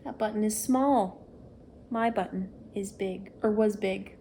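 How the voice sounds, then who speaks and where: A woman's voice: mid-range voice, a little slow, a little hiss or hum, natural voice. Toad, a fussy toad read by a woman. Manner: insistent, rising to angry shouts. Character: fussy, easily upset male toad.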